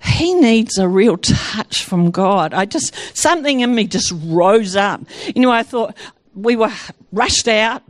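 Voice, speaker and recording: A woman tells her Christian testimony to a gathered audience. She talks in an animated way, breaking off and restarting her sentences as she goes. The sound is close and dry, with no echo. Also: on the high side, measured pace. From New Zealand. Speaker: speaker giving a Christian testimony.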